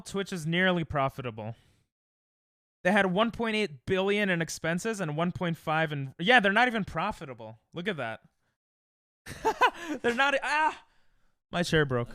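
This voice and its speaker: Young male streamer, bright clear voice, animated and rambling, dry close sound. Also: no room sound. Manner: rambling, laughs often, sudden high yelps. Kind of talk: casual chat with live chat.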